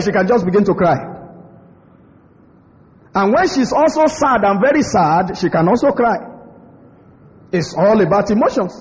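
A man preaching a sermon on marriage, emphatic and repetitive, with interjections of praise. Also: sits high. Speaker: pastor. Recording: dull lo-fi audio in a long-reverb hall.

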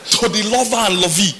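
A man with a high-sitting, sharp-toned voice preaches a sermon as pastor. He is emphatic, repeats his words and laughs between points.

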